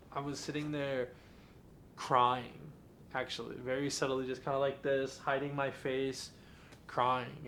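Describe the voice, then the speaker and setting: A man's voice: medium pitch, a bit bright, slight background noise. Earnest young man, candid podcast talk. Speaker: podcast host. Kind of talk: casual podcast monologue.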